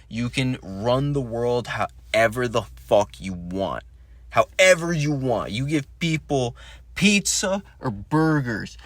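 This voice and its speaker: A man's voice: lowish voice, fairly bright tone. A man hosting a solo podcast, talking in a rambling monologue that searches for words and swears casually. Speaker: podcast host.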